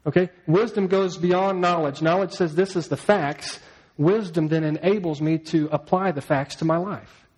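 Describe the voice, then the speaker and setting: A man preaching a sermon, his voice sitting a little higher than most men's. He talks to the congregation conversationally and keeps checking in with questions. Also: steady tone, normal speed, a little mellow, slightly rough, rough recording. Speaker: pastor.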